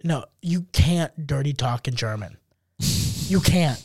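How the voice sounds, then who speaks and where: A man with a high, light voice trades stories on a casual podcast, and he often mimics accents and other people as he goes. The sound is close and dry, with no room echo at all. His delivery is lively and animated throughout. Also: slow, breathy edge. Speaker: podcast co-host. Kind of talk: casual chat.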